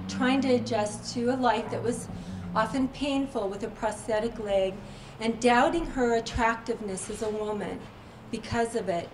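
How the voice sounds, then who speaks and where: A woman author at a bookstore signing, retelling stories to an audience expressively and slowing down for emphasis. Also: fairly high pitch, slight background noise, poor audio. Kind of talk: storytelling talk to an audience. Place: bookstore event.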